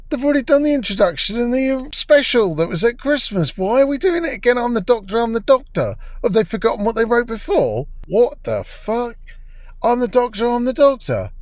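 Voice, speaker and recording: A man's voice: a little high, no room sound, studio quality. Scornful, foul-mouthed man ranting. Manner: scornful, crude, exasperated. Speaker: TV episode reviewer. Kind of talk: ranting review commentary.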